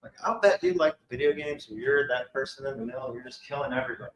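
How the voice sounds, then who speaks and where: A man's voice: medium pitch, fast talker. Roomy-sounding man telling a story. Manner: animated, acts out quoted voices. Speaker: psychic medium speaker. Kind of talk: storytelling talk to a live audience. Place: expo hall.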